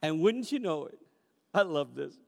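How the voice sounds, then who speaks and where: High-voiced preacher telling a story. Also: male voice, moderate pace, vocal fry, big-room sound. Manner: animated storyteller who acts out quoted voices; repeats refrains for emphasis. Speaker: pastor. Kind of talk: storytelling sermon. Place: church sanctuary.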